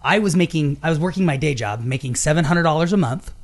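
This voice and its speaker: A middle-aged man hosts a casual business talk show, and his voice sits a little high. His pitch swings widely as he tells stories. He acts out the quotes inside them. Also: quick pace. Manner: animated storytelling, acts out quotes. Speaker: podcast host.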